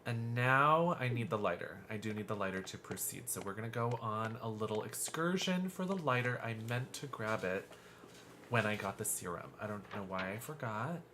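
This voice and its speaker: A man's voice: lowish voice, lively intonation, normal speed, pushed and bright, a little hiss or hum. A man streaming a horror game live, chatting in a gushing, campy way as he plays. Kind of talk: live gameplay commentary. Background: game music.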